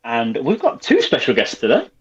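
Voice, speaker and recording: British male co-host, teasing and upbeat, husky tone, lo-fi mic. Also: mid-range voice, wildly swooping pitch, normal speed. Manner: playful, teasing introductions. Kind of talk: casual podcast chat. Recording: dull lo-fi sound.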